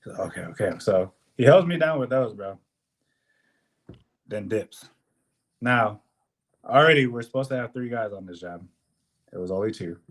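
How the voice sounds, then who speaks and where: A young man co-hosting a podcast, telling a work story in a casual, animated way, swearing often and acting out what people said. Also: medium pitch, moderate pace, pauses often. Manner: animated, profane, swears often, acts out quotes. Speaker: podcast co-host.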